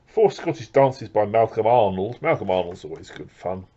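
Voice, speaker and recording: A man's voice: fairly low pitch, animated, moderate pace, mellow, muffled recording. A man chatting casually as he unboxes record purchases, rambling with lots of fillers and restarts. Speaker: record collector vlogger.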